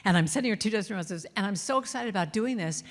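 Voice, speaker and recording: A middle-aged woman giving a talk at a church, telling stories and softly singing lines of her chants. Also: mid-range voice, lively intonation, fast talker. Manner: warm storytelling, sings lines softly. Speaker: guest speaker and singer. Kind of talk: sermon with sung chants. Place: church sanctuary. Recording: long hall reverb.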